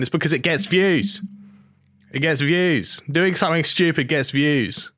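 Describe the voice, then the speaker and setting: A man's voice: fairly high pitch, expressive, normal speed, a bit bright, no echo, studio quality. A man, hosting a podcast and ranting in an outraged, sweary, sarcastic way. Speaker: podcast host. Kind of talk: ranting casual podcast talk.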